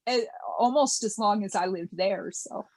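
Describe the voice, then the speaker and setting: A woman's voice: mid-range voice, moderate pace, darkish tone. A woman author from New England, chatting in a friendly way as a podcast guest and laughing easily. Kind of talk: casual interview chat.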